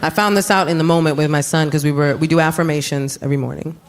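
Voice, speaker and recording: A woman in her thirties doing stand-up comedy, telling stories in a brash, punchy, animated way on a club stage. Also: sits low, quick pace. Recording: live club with noisy audience.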